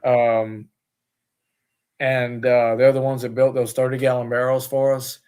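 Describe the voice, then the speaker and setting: A man's voice: medium pitch, flat delivery, unhurried, a little mellow, clean tone. A man, the owner of a distillery, talking as a guest in a casual interview, rambling with many fillers and restarts.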